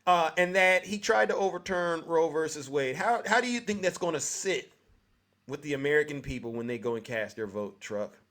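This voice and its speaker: A man hosting a livestream political debate, animated and lecturing, repeating a guest's name. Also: a little high, normal speed. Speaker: livestream host.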